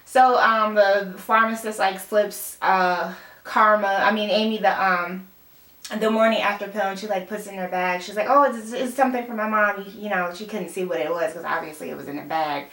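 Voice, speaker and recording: A young woman doing a TV recap vlog rambles in casual chat, full of "like" and "um," and swaps names by mistake. Her mid-range voice is fairly bright with fairly even intonation and a moderate pace. The mic is far away in a roomy room.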